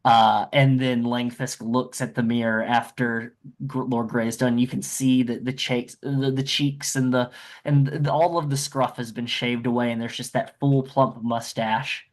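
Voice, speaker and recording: Man slowly narrating a tabletop scene. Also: mid-range voice, fairly even intonation. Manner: slow, halting narration with fillers. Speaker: player narrating his scene.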